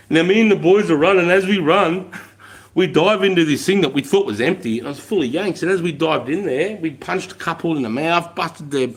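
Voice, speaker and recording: A middle-aged Australian man telling war stories on a livestream, swearing often and laughing as he goes. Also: fairly high pitch. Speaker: livestream host, army veteran. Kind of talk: casual storytelling on a livestream.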